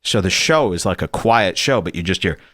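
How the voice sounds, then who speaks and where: A man hosting a podcast, giving animated, sarcastic commentary on a video clip. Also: low voice, a little fast, dry recording, clean studio sound. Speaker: podcast host.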